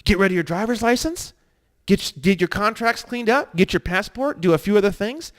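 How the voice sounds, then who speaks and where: A man with a high-pitched voice lectures an online course. He swears freely and rants, sliding from quiet asides into loud, emphatic bursts. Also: lively intonation, moderate pace. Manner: swearing, ranting, swinging between low mutters and loud emphatic bursts. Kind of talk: heated profane lecture.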